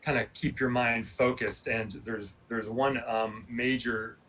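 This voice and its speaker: A man's voice: mid-range voice, a little slow, recorded from a distance, rough recording. A man, an Olympic athlete, telling his story casually and animatedly, acting out what people said. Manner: animated, acts out quoted dialogue, many "like" fillers.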